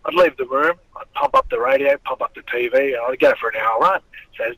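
A man's voice: medium pitch, quick pace, vocal fry, husky, no echo, poor audio. A middle-aged man in a casual interview, telling rambling stories about his boxing past with a lot of swearing. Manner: swearing, rambling, animated storyteller. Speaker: former boxer, guest.

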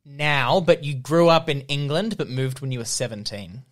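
A man's voice: mid-range voice, normal speed. A man co-hosting a comedy podcast, teasing and laughing as he reads song lyrics like monologues. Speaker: podcast co-host. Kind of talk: comedic banter, reading lyrics dramatically.

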